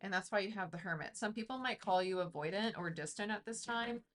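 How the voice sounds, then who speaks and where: A woman's voice: mid-range voice, a little fast, a bit bright. A woman giving a casual tarot reading, chatty and intuitive, thinking aloud with lots of fillers. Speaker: tarot reader.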